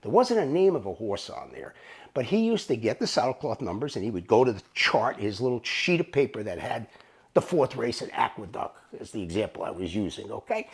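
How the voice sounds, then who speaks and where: Male storyteller, raspy and gravelly, swinging pitch, profane and rambling. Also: very animated, fairly quick. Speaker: storyteller recounting his bookmaking days. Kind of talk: casual storytelling to camera.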